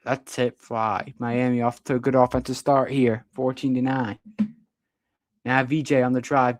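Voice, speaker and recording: At a measured pace, a young man does excitable amateur play-by-play for a livestream, with abrupt pitch jumps on the big plays. There's no echo.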